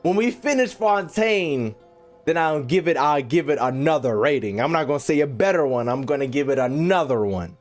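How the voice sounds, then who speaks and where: A man's voice: on the high side, expressive, normal speed, faint music behind. A young man, a gaming YouTuber, ranting casually and animatedly, swearing and repeating himself as he ranks game regions.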